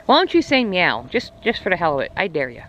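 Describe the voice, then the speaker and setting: Outdoors on a farm with poultry, a woman vlogger chats casually and teases her animals in playful baby talk. Her fairly low, fairly bright voice swings hugely in pitch and moves fast; the recording is muffled and noisy, with clucking chickens and crowing roosters behind her.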